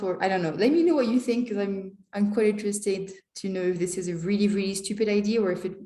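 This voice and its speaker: A woman's voice: medium pitch, mellow. Chatty French-accented woman, echoey room. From France. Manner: rambling, chatty, many fillers like "you know" and "like". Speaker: language teacher and vlogger. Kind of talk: casual vlog monologue. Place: hostel in Mexico.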